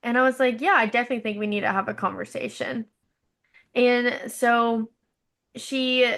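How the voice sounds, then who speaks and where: A woman's voice: on the high side, fairly bright tone. A woman co-hosting a podcast, telling a long story in casual chat, rambling with fillers and acting out quoted dialogue. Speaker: podcast co-host.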